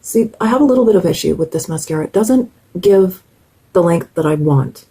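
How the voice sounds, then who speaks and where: A middle-aged woman with a husky, slightly low voice chats through a makeup tutorial. She is enthusiastic and talks straight to her viewers, with a mellow tone. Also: expressive, fairly quick, low-quality recording. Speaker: beauty vlogger. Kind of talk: casual makeup tutorial chat.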